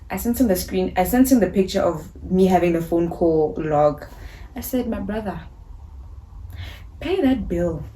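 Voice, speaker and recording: A young woman from South Africa telling a storytime vlog in an animated, indignant way, acting out the other people's lines as she goes. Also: on the low side, slight background noise. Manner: animated, indignant retelling with quoted dialogue. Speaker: vlogger.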